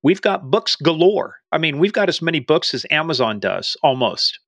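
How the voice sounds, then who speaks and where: A man's voice: a little high, big pitch swings, moderate pace, a bit bright, dry recording. Male podcast host, jokey and upbeat, close dry mic. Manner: playful, jokey, drops in Spanish phrases. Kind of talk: casual podcast chat.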